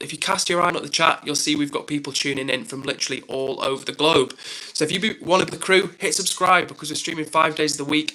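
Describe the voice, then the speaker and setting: A man's voice: on the high side, bright, forceful tone, rough recording. A man from England hosting a casual live stream, rambling upbeat through viewer comments with lots of fillers.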